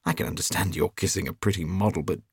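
An actor playing a jovial, teasing gentleman painter who talks loudly and laughs heartily. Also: low-pitched, fast talker, creaky, husky, no room sound, studio quality, full character voice. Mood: amused, teasing.

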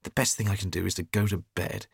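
An actor playing a hapless, sulky young gentleman who speaks fretfully. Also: deep voice, fairly even intonation, fast, gravelly, husky, dry recording, studio quality, heavily acted.

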